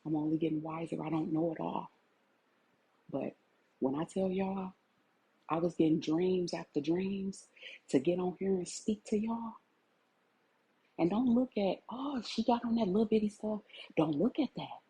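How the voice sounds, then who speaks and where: A woman in her forties talks straight to her livestream viewers in an impassioned, preachy way, crying as she goes. Her voice is dark and very husky, with a lowish pitch. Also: unhurried, long pauses, low-quality recording. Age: 40s. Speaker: vlogger. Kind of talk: emotional livestream talk.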